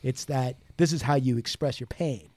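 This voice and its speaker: A man's voice: mid-range voice, normal speed, warm tone, no room sound, clean studio sound. A man hosting a podcast in casual chat, probing his guest and acting out remarks as quoted asides. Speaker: podcast host.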